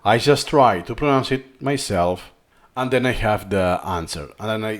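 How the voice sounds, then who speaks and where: A native Spanish speaker from Spain narrates a screen-recorded learning tutorial with a Spanish accent. His medium-pitched voice has lively intonation and a moderate pace, and he thinks aloud, saying things more than once.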